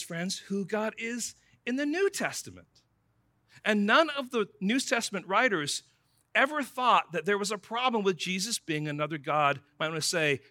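Bright, high-voiced preaching man. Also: no echo, clean studio sound. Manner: conversational, addresses listeners as friends. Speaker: pastor. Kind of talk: sermon.

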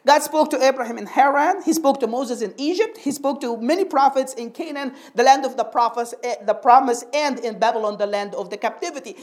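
A woman preaching a sermon in a teaching tone, often asking her listeners for an amen and slowing down on key phrases. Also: sits high. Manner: draws out key phrases slowly for emphasis.

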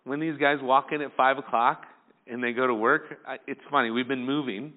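A male pastor preaching a sermon, lively and acting out the people in the story. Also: medium pitch, fairly quick. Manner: animated, acts out the people in the story. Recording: tinny phone-like sound.

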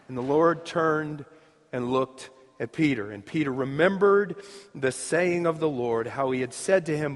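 A male pastor preaching a sermon to his congregation, telling the story dramatically and moving between loud emphasis and near-hushed asides. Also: a little high, lively intonation, moderate pace. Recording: reverberant hall.

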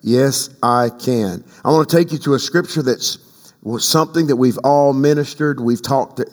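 A man's voice: on the high side, normal speed, darkish tone. An older man preaching a sermon as pastor, emphatic, leading the congregation in call-and-response. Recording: long hall reverb.

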